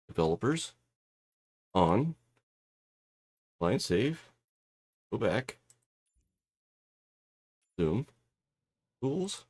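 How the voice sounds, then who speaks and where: A man from Southern California chatting casually while streaming a flight simulator, making radio calls and rambling with many restarts. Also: lowish voice.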